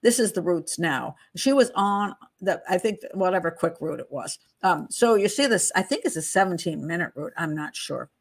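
A woman's voice: fairly low pitch, lively intonation, normal speed, hardly any pauses, breathy edge. A middle-aged woman hosting a true crime channel, walking through a case file in a chatty, digressive way and laughing at her own asides. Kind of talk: casual case walkthrough, reading statements aloud.

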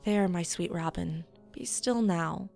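A woman reading a storybook, voicing a young highborn woman in a soft, soothing way. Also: takes it slowly, creaky, soft background music. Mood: gentle.

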